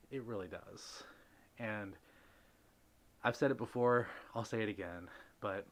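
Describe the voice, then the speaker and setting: Heartfelt male streamer thanking his viewers. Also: on the low side. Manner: heartfelt, rambling with many fillers; reads chat messages aloud and greets viewers. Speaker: livestream host. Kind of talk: casual live stream chat.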